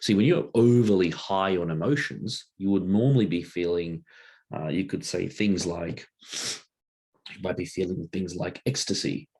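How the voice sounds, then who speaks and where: A man's voice: low-pitched, normal speed, darkish tone, breathy edge. A man giving a casual teaching talk as a workshop presenter, loose and conversational, with many rhetorical checks, drawing a diagram as he explains.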